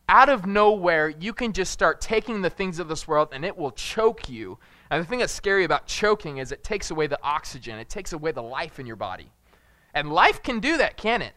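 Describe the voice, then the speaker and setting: A young man preaching a casual sermon, telling rambling, jokey family stories and loudly acting out moments of panic. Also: high voice, no echo. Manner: jokey, rambling storyteller who shouts acted-out panic. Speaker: pastor.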